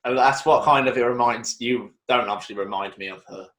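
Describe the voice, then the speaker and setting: A male podcast host of middling pitch, chatting casually and supportively with a guest. His voice rings around an echoey room. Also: fairly quick, fairly bright tone. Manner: supportive, brief backchannels. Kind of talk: casual interview chat.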